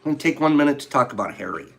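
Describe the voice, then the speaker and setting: An older man hosting a casual live stream, opening gifts and telling stories in an animated, warm way, laughing now and then. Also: medium pitch, racing, faint music behind. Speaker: host of a live tea-time stream. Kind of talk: casual chat, opening gifts and reading cards.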